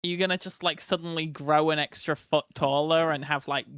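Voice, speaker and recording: A man's voice: on the high side, fairly even intonation, normal speed, fairly bright tone, clear, resonant tone, no echo. A man co-hosting a home live stream, teasing his partner in playful banter. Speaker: co-host. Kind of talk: casual live-stream chat.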